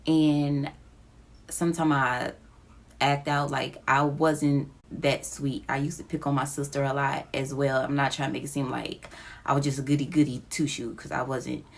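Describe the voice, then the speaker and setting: A woman with children, speaking into her phone in a slow, halting confessional vlog, close to tears. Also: extremely low pitch, flat delivery, gravelly. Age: adult with children. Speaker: vlogger. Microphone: phone app recording.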